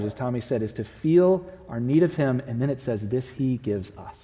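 A man preaching a sermon in a church, earnest and swinging from loud emphasis to hushed, quiet lines. His voice is mellow and dark. It rings out with the long reverb of a big hall. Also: mid-range voice. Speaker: pastor. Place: church sanctuary.

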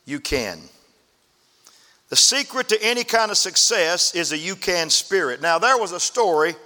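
A man's voice: pushed and bright, long reverb tail. A man preaching a sermon as pastor of his church, telling folksy stories and letting his voice drop hard at the ends of phrases. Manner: folksy storytelling preacher, emphatic drops in pitch at phrase ends. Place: church sanctuary.

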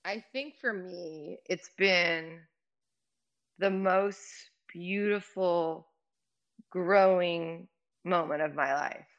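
A woman with a deep, gravelly voice talks openly and emotionally, full of fillers and restarts. She sounds middle-aged, and the recording is a little muffled. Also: very slow. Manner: emotional, rambling, frequent fillers. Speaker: guest. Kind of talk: candid personal conversation.

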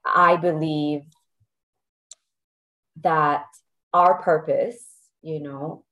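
Low-voiced woman, hesitant guest. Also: fairly even intonation, drawn-out words, pushed and bright, dull audio. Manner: emotional, hesitant, searching for words. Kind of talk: casual podcast interview.

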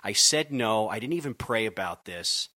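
A man from Connecticut, working as a youth pastor, speaks in a lowish, bright voice on a dry, close recording. He tells his story earnestly and in a conversational way, often restarting his sentences. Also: lively intonation, moderate pace, no room sound. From Connecticut, USA. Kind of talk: conversational podcast interview.

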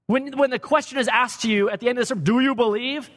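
A man preaching a sermon as pastor, swinging from loud emphatic declarations to quiet, low asides. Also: fast, hardly any pauses. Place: church sanctuary. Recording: long hall reverb.

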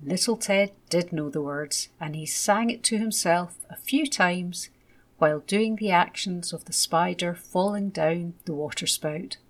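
Brief: woman storyteller, children's story, low-ish voice, unhurried.

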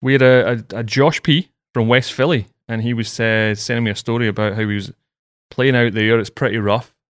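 A man's voice: mid-range voice, steady tone, brisk, clear, resonant tone, no room sound, studio quality. Chatty man hosting a podcast. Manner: chatty storyteller with fillers. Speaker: podcast host. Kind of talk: casual podcast chat.

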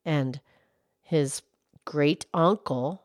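A woman voicing a gentle, motherly cow friend on a children's podcast, speaking in a soft, slow and hushed way. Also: low voice, no echo, clean studio sound.

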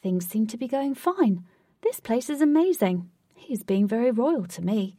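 A woman's voice: fairly high pitch, big pitch swings, moderate pace, warm tone, no room sound, studio quality, distant mic. A woman voicing Katy, an impatient, cheeky young woman who loves to party, in a storybook reading. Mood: bratty. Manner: bratty, impatient, giggly.

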